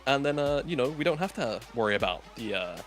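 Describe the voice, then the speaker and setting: A man's voice: medium pitch, big pitch swings, fast, a bit bright, faint music behind. A man co-casting a live esports broadcast, rambling playfully and often correcting himself mid-thought. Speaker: esports caster. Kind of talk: casual live esports commentary.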